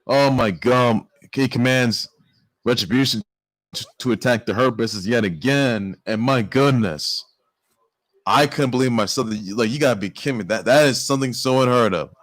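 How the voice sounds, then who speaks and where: Excitable stammering man hosting sports news. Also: medium pitch, normal speed, no room sound. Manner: excitable, stammering with many restarts and exclamations. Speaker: sports show host. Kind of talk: casual sports news commentary.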